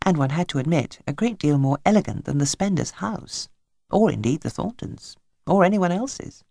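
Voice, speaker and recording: A woman narrating a children's novel in an expressive, wry manner. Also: fairly low pitch, no room sound, clean studio sound. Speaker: audiobook narrator. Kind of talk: scripted narration.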